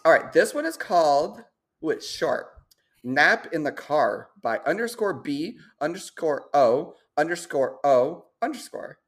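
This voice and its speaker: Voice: medium pitch, a little slow. A podcast host chatting casually with lots of fillers and reading a story from a website aloud. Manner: expressive, lots of "like", laughs easily.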